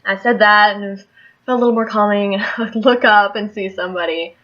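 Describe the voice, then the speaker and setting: A young woman chats her way through a story for her vlog, rambling and laughing as she goes. Her voice sits in a middle pitch. The recording is a little dull and lo-fi. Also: steady tone, fast. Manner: chatty, rambling, laughs often. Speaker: vlogger.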